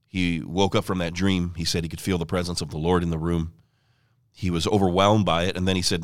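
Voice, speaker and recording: In a clean studio recording with no room sound, an evangelist being interviewed at his ministry headquarters office speaks in a low, flat voice at a fairly quick pace. He's an earnest, fluent storyteller who quotes other people.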